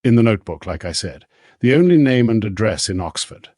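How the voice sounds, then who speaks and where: Husky-voiced man reading a young male daemon, hurt and pleading, audiobook. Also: lowish voice, big pitch swings, a little fast, mellow, dry recording, clean studio sound. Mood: earnest.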